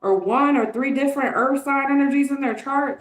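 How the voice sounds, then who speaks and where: Woman tarot reader, slightly high voice, candid and chatty, in a roomy echo. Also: normal speed, hardly any pauses, soft background music. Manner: chatty, candid, swears, laughs often. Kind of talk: casual tarot card reading.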